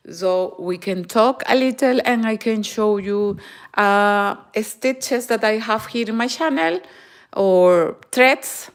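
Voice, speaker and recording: A woman with a Spanish accent chats casually on a live stream about crochet. Her English is halting and full of fillers, and she speaks at an unhurried, slow pace in a mid-range voice. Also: mid-range voice. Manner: halting non-native English, friendly, frequent fillers. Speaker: crochet channel host. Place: home in Germany.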